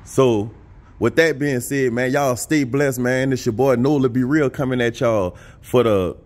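A man's voice: mid-range voice, fairly even intonation, unhurried, darkish tone. Preachy man with a New Orleans accent. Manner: preachy, repetitive, talks straight to viewers. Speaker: vlogger. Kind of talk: casual vlog talk.

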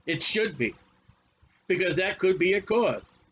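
A man's voice: high-pitched, animated, measured pace, a bit bright, muffled recording, slight background noise. A male preacher teaching a Bible study sermon in a folksy, emphatic way, often repeating his phrases.

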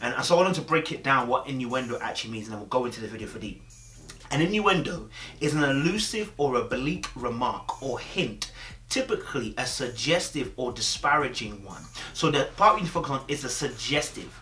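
A man's voice: mid-range voice, sharp tone, reverberant. A young man talking casually to camera, chatty and streetwise, often checking in with "you understand?". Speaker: host.

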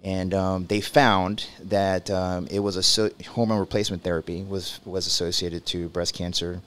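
A man's voice: low voice, little pitch movement, moderate pace, fairly bright tone. A man hosting a podcast as a doctor, explaining things in a loose, rambling way full of restarts. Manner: rambling, with many fillers and restarts. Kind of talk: casual conversational interview.

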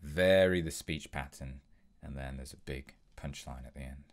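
A man's voice: very deep voice, normal speed. A young man hosting an impressions tutorial, explaining tips in an upbeat, step-by-step way. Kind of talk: instructional tutorial.

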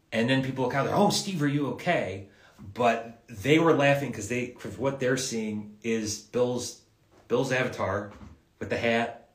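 A man, a voice actor, casually telling stories and answering fans' questions in a live session, in a halting way with frequent restarts and repeated words. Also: mid-range voice. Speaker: voice actor guest at an autograph livestream. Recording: roomy echo.

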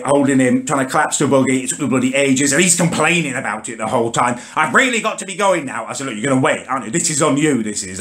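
Exasperated ranting bloke. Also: male voice, mid-range voice. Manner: exasperated, sweary, rants with lively rises and sudden drops. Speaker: ranting vlog host. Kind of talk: comic character rant to camera.

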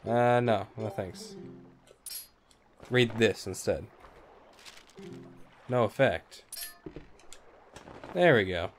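A man's voice: fairly low pitch, extremely slow, pauses often, soft background music. A man hosting a let's play, giving casual, rambling gameplay commentary with wry asides and offhand cursing.

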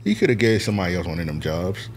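A man co-hosting a podcast, talking in animated, profane, teasing casual banter. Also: low voice, racing, slight background noise. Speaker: podcast co-host.

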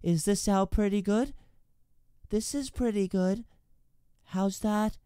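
A man putting on a girl's voice, slow, high and tentative, as a test on a live stream. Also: mellow, smooth, dry recording, clean studio sound. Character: girl voice attempt, young woman.

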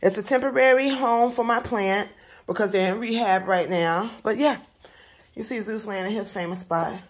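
A young woman chatting casually to her viewers in a home vlog, animated and talking straight to them. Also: mid-range voice, normal speed. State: out of breath in places. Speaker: vlogger. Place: home, indoors.

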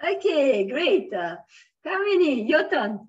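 A Swiss woman with a fairly high voice teaches a beginner French lesson. She switches between English and French, drops in many fillers and praises her students. Her voice sounds a little distant and dull, as if picked up from across a room. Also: sing-song, slow. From Switzerland. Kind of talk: online language class.

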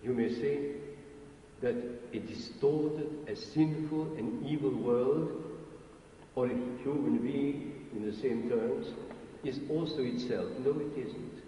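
A man, an Orthodox bishop, giving a spiritual lecture in slow, deliberate, halting phrases with long pauses. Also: medium pitch, warm tone, a little hiss or hum. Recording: archival recording, echoey hall from far off.

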